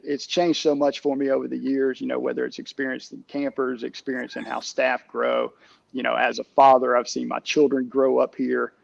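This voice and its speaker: A middle-aged man, a camp director, telling stories in a casual interview, halting with many restarts and fillers. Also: medium pitch, creaky, dry recording, highs cut off.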